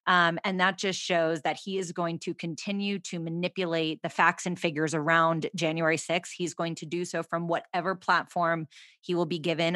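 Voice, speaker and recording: Woman, lowish voice, dry close sound, chatty political guest. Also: pushed and bright, dry recording. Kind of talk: casual political discussion.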